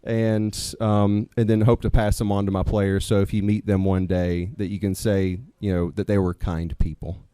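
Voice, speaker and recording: Male storyteller, warm low timbre, dry close mic, animated then earnest. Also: normal speed, few pauses, clear, resonant tone, no room sound. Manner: animated, swears when quoting students, earnest at close. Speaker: storyteller, teacher and coach. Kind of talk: personal story told live on stage. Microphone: stage microphone.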